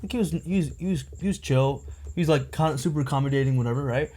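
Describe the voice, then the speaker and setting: A man's voice: on the high side, fast, dark tone. A young man on a podcast telling a long personal story in casual chat, rambling and packed with filler words. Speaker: podcast co-host.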